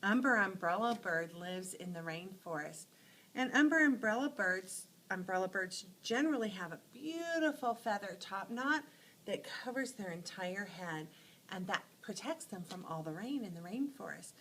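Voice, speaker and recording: A woman teacher telling short animal stories to teach letter sounds, acting out each sound with lively expression. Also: mid-range voice, normal speed, a little hiss or hum, poor audio. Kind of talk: phonics lesson storytelling.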